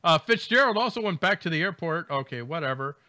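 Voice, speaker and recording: Bright, animated man riffing on the news. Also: on the high side, a little fast, no echo. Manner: animated, laughing, mock voices. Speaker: podcast co-host. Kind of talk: comedic news commentary.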